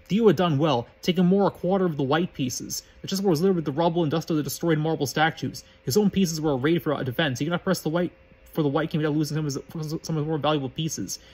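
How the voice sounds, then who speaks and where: A man reads fan fiction aloud as the narrator, in a plain, matter-of-fact storybook manner. His voice sits a bit high and sounds husky, and he moves along at a quick clip. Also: darkish tone, rough recording.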